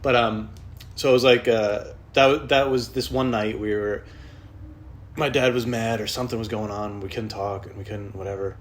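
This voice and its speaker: A man's voice: on the low side, steady tone, normal speed, a little hiss or hum. A man hosting a podcast, ranting casually on his own, rambling and swearing often, restarting his sentences as he goes. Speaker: podcast host. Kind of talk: casual solo rant.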